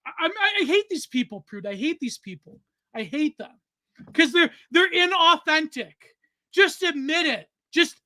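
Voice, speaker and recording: A young man rants on a casual podcast, swearing hard and sounding fed up. His voice is bright and forward, and it is recorded close and dry with no room sound. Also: very high-pitched, no room sound. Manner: profane, ranting, exasperated. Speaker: podcast co-host. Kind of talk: heated casual podcast rant.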